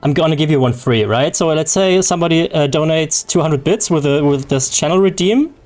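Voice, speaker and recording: Soft music plays behind this young game streamer, a native German speaker whose voice is on the high side, brisk and a bit dark. His livestream chat is casual and rambling, full of jokes and frequent laughter.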